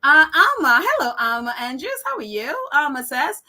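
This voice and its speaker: A woman with a high, bright voice hosts a casual live chat. She reads viewer comments aloud, laughs easily, and keeps stopping to correct herself and apologize. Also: very animated, normal speed. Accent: non-American accent. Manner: chatty, laughs often, apologetic and self-correcting. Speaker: live stream host reading viewer comments.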